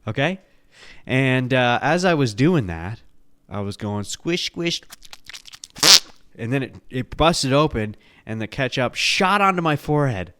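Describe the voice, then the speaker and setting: A man from the Bronx hosting a podcast, telling childhood stories in a lively, profane, laughing way into a studio mic. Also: mid-range voice, a little slow, a little hiss or hum. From the Bronx, New York. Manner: animated, profane, laughing at his own stories. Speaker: podcast host. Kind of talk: casual storytelling.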